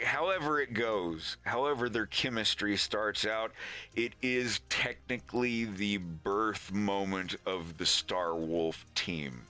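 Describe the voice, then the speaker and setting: A man's voice: lowish voice, bright, forceful tone. A man in casual stream chat, rambling and laughing often as he talks through his cartoon. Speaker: animator streaming.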